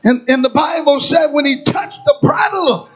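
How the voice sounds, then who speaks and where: A man preaching a sermon, using call-and-response and chanting as his preaching builds to shouts in a church sanctuary. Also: extremely high pitch, expressive, moderate pace. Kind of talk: whooping sermon.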